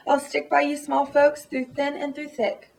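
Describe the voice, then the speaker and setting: A man's voice: very high voice, completely flat delivery, moderate pace, gravelly, voice pushed up. A woman reading the part of a kind, loyal male elephant, speaking earnestly and pleadingly.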